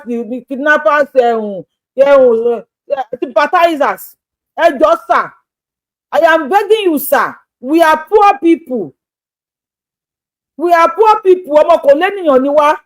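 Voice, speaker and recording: A Nigerian woman making an impassioned plea to camera, begging repeatedly and shifting between rapid talk and slow, drawn-out appeals. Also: extremely high pitch. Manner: pleading, begging, repetitive. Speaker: social media creator.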